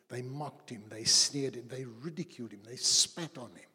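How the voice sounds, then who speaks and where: Husky pastor preaching in a reverberant hall. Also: male voice, mid-range voice, sharp tone. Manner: dramatic, slows down for quotes and speeds up in anecdotes. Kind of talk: sermon. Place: church hall.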